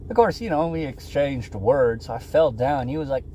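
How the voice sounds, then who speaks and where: A man's voice: medium pitch, lively intonation, moderate pace. Laid-back young guy rambling on a stream. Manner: laid-back, rambling, says "man" and "bro" a lot. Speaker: live streamer chatting with viewers. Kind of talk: casual chat. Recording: lo-fi stream audio with loud background noise.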